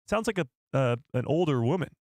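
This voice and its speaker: A man hosting a live stream and reacting to a trailer, excitable and incredulous, talking straight to his chat. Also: a little high, fast, background noise.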